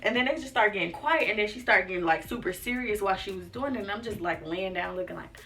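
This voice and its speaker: Talking fast, a young woman vlogger shares a personal story, acting out dialogue and scattering "like" and "y'all" throughout her casual chatter. Her mid-range voice sounds pushed and bright. She's far from the mic and a bit off it, with faint music playing behind her.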